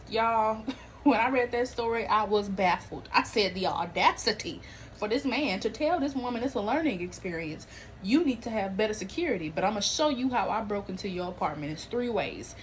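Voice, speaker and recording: A woman's voice: medium pitch, normal speed, slight background noise, poor audio. A woman hosting a podcast, chatting casually and animatedly, full of slang and laughter, acting out what people said. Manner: animated, slangy, laughs often, acts out quotes. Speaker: podcast host. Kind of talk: casual chat about celebrity and viral news.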